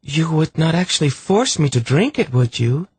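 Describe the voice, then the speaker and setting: A man's voice: high-pitched, sing-song, moderate pace, slightly rough, dry recording, pitched above the performer's own voice, full character voice. A man voicing a sulky, spirited young queen stuck in bed, petulant and sarcastic. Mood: defiant.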